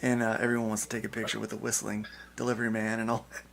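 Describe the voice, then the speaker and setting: A man's voice: fairly low pitch, monotone, racing, vocal fry, crowd noise. A man hosting a casual panel podcast, joking and rambling with fillers. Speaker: podcast host.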